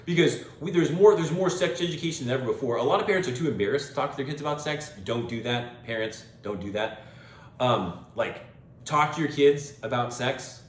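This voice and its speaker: A man's voice: medium pitch, animated, fairly quick, reverberant. A man hosting a show, giving an opinionated monologue in an emphatic, lecturing way and repeating phrases for stress. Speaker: podcast host.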